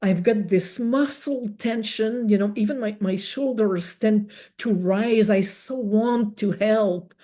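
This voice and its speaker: A woman giving an educational webinar talk, explaining step by step in a measured way. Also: medium pitch, dark tone. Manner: slow, measured explaining with rhetorical examples. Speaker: webinar speaker.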